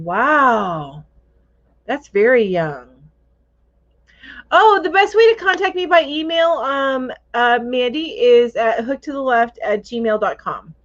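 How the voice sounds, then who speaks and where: A talkative woman hosts a casual crochet livestream and reads out viewer comments. Her voice sits a little high and swoops widely as she thinks aloud. The sound is dull and lo-fi. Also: a bit bright. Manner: chatty, thinks aloud, laughs easily. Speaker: host of a crochet live chat.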